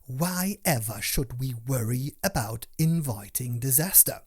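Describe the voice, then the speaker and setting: A man voicing a loud, blustering pirate captain. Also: mid-range voice, very animated, extremely slow, gravelly, husky, no echo, clean studio sound, heavily acted. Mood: posh. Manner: blustering, shouting.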